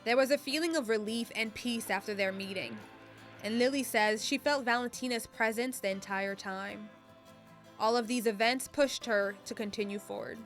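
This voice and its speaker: A woman giving scripted narration for a local cable TV profile, even and informative. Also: on the high side, moderate pace, faint music behind.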